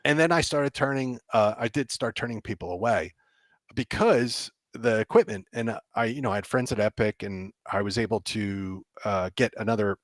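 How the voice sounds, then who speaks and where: Guy telling a story, gets excited, mimics folks, dry close sound. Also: on the low side, moderate pace, dry recording. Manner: excitable, acts out reactions, laughs often. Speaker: guest game developer. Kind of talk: animated storytelling.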